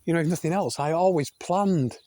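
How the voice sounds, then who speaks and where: A fairly high, warm-toned voice belongs to an older man from the UK who talks fairly quickly in an emphatic vlog rant, recorded without echo. He swears a lot, addresses his viewers as folks, and restarts and repeats himself.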